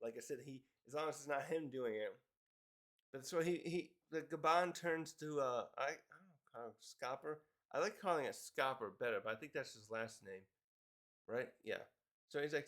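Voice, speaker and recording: A man's voice: medium pitch, moderate pace, a bit bright. A man casually recapping a comic chapter, rambling with fillers and chuckles. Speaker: manga reviewer.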